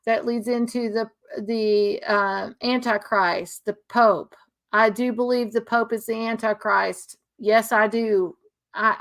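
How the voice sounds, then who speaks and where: A woman's voice: on the high side, a bit bright. A woman talking earnestly in an unscripted monologue, repeating herself and restarting sentences often. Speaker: speaker sharing religious views. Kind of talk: casual emotional monologue.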